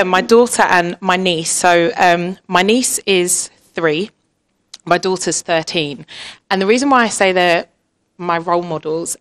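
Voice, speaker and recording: A woman in her thirties speaking on a panel, chatty and candid, laughing often and acting out family conversations. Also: lowish voice. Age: 30s.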